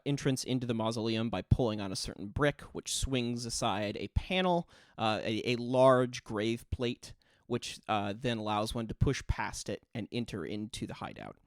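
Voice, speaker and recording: A man's voice: medium pitch, no echo, clean studio sound. A man running a tabletop role-playing game, describing scenes in loose narration full of fillers. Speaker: game master.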